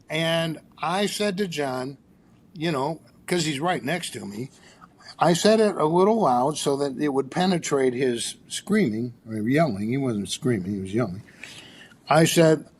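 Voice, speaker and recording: A man's voice: on the high side, a little slow, husky. An older man, a therapist guest, telling a story in an interview and acting out the dialogue with energy. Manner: animated storyteller, acts out dialogue.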